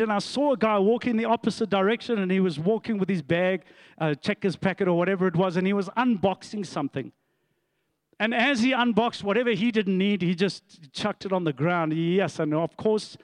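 High-voiced pastor preaching. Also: male voice, no echo. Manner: storytelling with laughs and asides to the congregation. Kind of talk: sermon.

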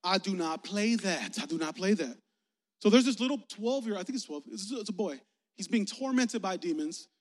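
A man preaching a lively, joking youth sermon in slangy talk, acting out little voices as he tells stories. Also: sits high, moderate pace. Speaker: youth pastor. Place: church sanctuary. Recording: long reverb of a church sanctuary.

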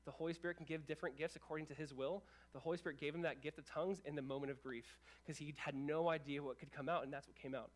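A man with a notably high voice delivers a sermon as pastor. His talk is earnest and casual, full of restarts and "like"s. He moves between hushed, low stretches and raised, emphatic ones. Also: steady tone, fast, hardly any pauses. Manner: earnest, conversational preaching with many restarts and "like"s.

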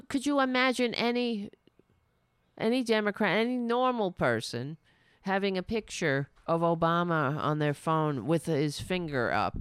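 A woman's voice: mid-range voice, smooth, no room sound. A middle-aged woman hosting a show, giving indignant, sarcastic political commentary. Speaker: host.

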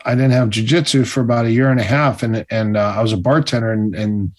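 A man telling stories in a casual interview, animated and acting out the other people's voices. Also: medium pitch, quick pace. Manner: animated, acts out quoted voices. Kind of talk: casual storytelling.

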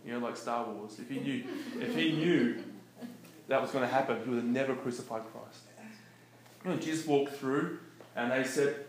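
A man giving a casual, animated teaching talk about faith, conversational and laughing often. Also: mid-range voice, moderate pace. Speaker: preacher. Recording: echoey room with faint noise.

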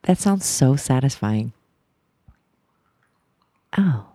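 A young woman co-hosting a casual podcast, teasing and laughing along in a relaxed way. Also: a bass voice, drawn-out words, no echo. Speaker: podcast co-host. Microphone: talking close into a mic.

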